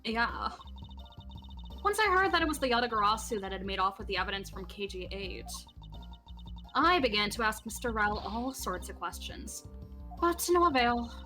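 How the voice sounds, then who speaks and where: A woman's voice: a little high, big pitch swings, normal speed, pushed and bright, soft background music. Woman voicing a flippant defense lawyer. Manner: casual, offhand, joking. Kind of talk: fan voice acting of a game.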